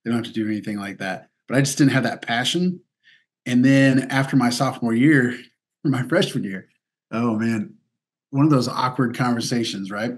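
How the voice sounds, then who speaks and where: Speaking at an ordinary mid pitch and moderate pace, a Missouri man appearing as a guest athlete spins loose, casual stories in an interview. Laughter comes often, and "dude" and "like" pop up throughout.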